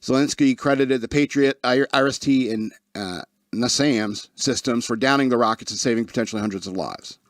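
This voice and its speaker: A man's voice: mid-range voice, brisk, dry recording, clean studio sound. A man hosting a talk radio show, reading news stories aloud and breaking off into sarcastic asides and complaints. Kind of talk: casual news commentary.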